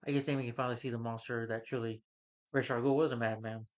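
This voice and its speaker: A man's voice: mid-range voice, fairly even intonation, fast talker. A man recapping a movie plot in a casual, rambling way, with many fillers. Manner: rambling, frequent "you know" fillers. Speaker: movie reviewer. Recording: dull lo-fi recording.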